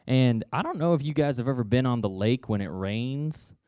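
A man's voice: medium pitch, expressive, normal speed, a little mellow, no room sound, studio quality. A man telling a Bible story to kids in a playful, joking way, adding sound effects and asides.

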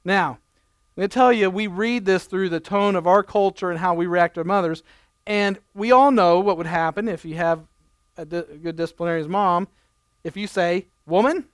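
A man's voice: high-pitched, moderate pace, clean tone, no echo, studio quality. A man preaching a conversational sermon, reading scripture and adding playful everyday asides. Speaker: pastor.

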